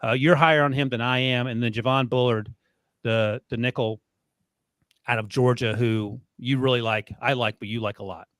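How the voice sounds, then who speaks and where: A man co-hosting a podcast, talking fast and teasing his co-host with frequent laughs. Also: medium pitch, fairly even intonation, a bit bright, no room sound. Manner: quick, laughs often, teasing. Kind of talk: casual sports chat.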